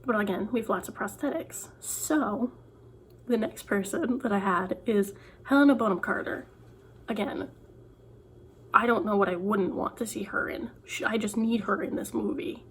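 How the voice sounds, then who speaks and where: A woman's voice: mid-range voice, moderate pace, a little hiss or hum. A young woman author chatting casually to camera, rambling with many "like"s and restarts. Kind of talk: casual vlog chat.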